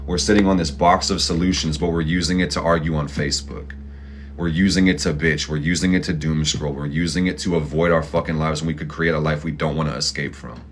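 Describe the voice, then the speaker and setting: A man's voice: rumbling low, steady tone, brisk, slight background noise. A man hosting an astrology and tarot reading, talking in a blunt, profane, pep-talk style full of slang. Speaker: astrology and tarot channel host. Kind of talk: casual motivational tarot reading.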